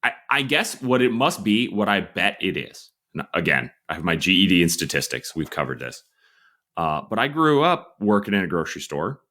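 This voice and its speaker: Casting: low-voiced American male co-host, sarcastic, riffing. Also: big pitch swings, moderate pace, bright, forceful tone. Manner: wry, sarcastic asides. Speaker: podcast co-host. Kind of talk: casual comedic chat.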